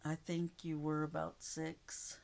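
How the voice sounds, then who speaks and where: A woman's voice: low-pitched, completely flat delivery, slow pace, gravelly, a little mellow. A middle-aged woman, the host's mother, giving brief plain answers in a casual interview.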